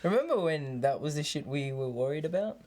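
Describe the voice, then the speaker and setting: A man's voice: fairly high pitch, lively intonation, brisk, darkish tone. A young man co-hosting a casual podcast chat, laughing often and swearing casually. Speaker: podcast co-host.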